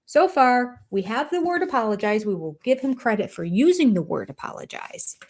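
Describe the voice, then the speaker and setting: Older lady host picking apart every sentence, slow and deliberate, kinda sarcastic. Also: fairly high pitch, big pitch swings, darkish tone, a little hiss or hum. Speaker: commentary host. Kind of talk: analytical commentary.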